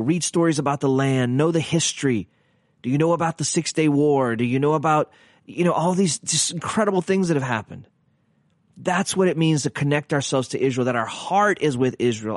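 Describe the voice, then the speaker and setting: A fairly high-voiced man talks through a podcast teaching in a casual, earnest way. He restarts sentences often and leans on rhetorical questions. The recording is close and dry. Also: no echo.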